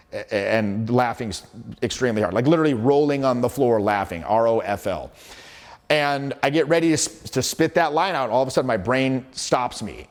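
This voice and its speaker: Brisk, blunt male social skills coach. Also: medium pitch. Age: 40s. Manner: brisk, storytelling with acted quotes and swearing. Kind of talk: casual teaching talk to camera.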